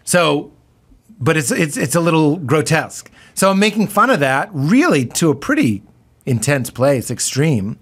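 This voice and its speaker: Male comedian guest, slightly high pitch, animated chatty delivery that slips into quoted voices. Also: husky. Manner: animated, quick to laugh, acts out quoted voices. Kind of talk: casual podcast chat.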